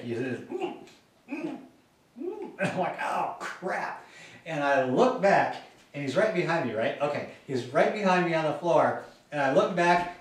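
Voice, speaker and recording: A man hosting a gardening vlog, telling a gross story in a jokey, animated way, often laughing. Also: fairly high pitch. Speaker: gardening channel host. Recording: echoey room, voice from a distance.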